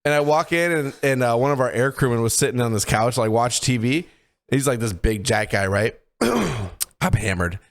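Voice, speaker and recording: A man's voice: medium pitch, expressive, moderate pace. A young man co-hosting a podcast, telling profane stories in casual chat and laughing often. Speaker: podcast co-host.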